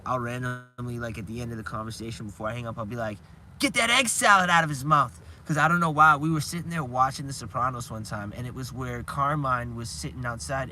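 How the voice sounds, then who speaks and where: On a live stream, a man chats casually with a bright, forceful, mid-range voice, and there's a little hiss or hum. He rambles, restarts his sentences often, and chuckles now and then while retelling scenes.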